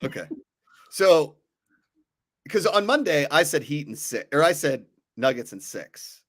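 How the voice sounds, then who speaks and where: A man's voice: fairly high pitch, big pitch swings, a little slow, fairly bright tone. A man from Pittsburgh with a Pittsburgh accent, co-hosting a casual sports talk show and joking and teasing as he goes. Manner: jokey, teasing, laughs often. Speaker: co-host.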